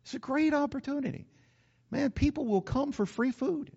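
A man preaching in a folksy, talkative way, voice pitched high for a man. He drops into playful acted asides to make his points, and the recording sounds a bit muffled. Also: moderate pace, a little mellow. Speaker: pastor. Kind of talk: sermon.

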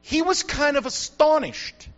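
A man's voice: very high-pitched, lively intonation, a little slow, a bit bright, highs cut off. An older man from the United States, a grandfather and pastor, preaching a sermon with repetition and rising emphasis.

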